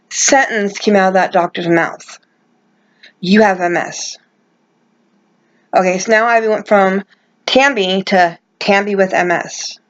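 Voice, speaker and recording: A woman's voice: medium pitch, dull audio. A woman talking straight to camera in a personal vlog, passionate and emphatic, often restarting her sentences. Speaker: vlogger.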